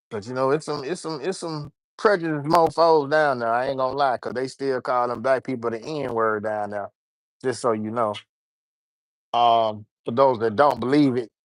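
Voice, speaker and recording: A man's voice: medium pitch, no room sound. A man hosts a casual livestream and drifts from topic to topic. He stumbles over repeated words and keeps talking to his viewers. The room sounds dry and close. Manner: loose, rambling, talks to his chat, repeats words. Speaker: livestream host.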